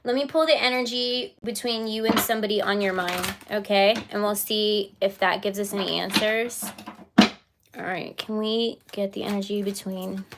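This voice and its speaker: A woman's voice: medium pitch, fairly even intonation, moderate pace, heavy background noise. A woman giving a casual live-stream tarot reading, chatty and giggly with lots of fillers.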